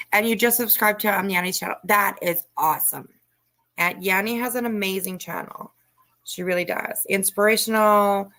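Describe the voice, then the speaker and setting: A woman's voice: mid-range voice, normal speed, fairly bright tone. Chatty, giggly woman live-streamer. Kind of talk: casual live-stream chat, reading comments.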